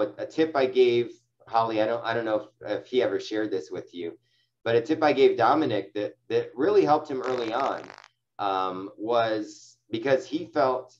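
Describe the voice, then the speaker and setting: A man's voice: on the low side, lo-fi sound. A man giving casual, encouraging coaching to his sales agents, full of fillers and restarts. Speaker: sales team leader. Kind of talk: coaching talk on phone sales.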